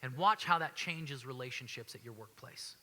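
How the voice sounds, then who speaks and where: A man's voice: mid-range voice, moderate pace, bright, forceful tone. A man in his thirties preaching a sermon in a church, conversational and earnest, often restarting and repeating phrases. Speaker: pastor. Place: church sanctuary.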